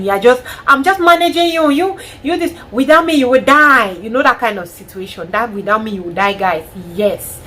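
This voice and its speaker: A Cameroonian woman vlogger giving frank, animated advice with a Cameroonian accent in a casual monologue. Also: mid-range voice, slight background noise, low-quality recording. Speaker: lifestyle vlogger.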